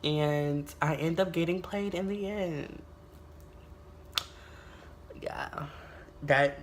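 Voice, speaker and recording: A young adult woman from the United States tells a storytime vlog in a casual, animated way, swearing often and exclaiming a lot. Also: sits low, drawn-out words, a little hiss or hum. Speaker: YouTuber.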